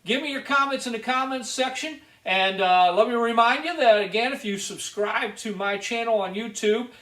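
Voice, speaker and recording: A man's voice: very high-pitched, moderate pace, fairly bright tone. A man from Ohio hosting a casual video show, telling a rambling story to viewers with plenty of fillers. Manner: chatty, rambling, with frequent fillers. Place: garage. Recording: roomy echo.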